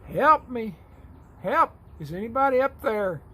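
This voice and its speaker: A man playing a frantic man dangling from a cliff branch and shouting for help in a joke. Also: very high-pitched, expressive, measured pace, voice pushed up, full character voice. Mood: panicked.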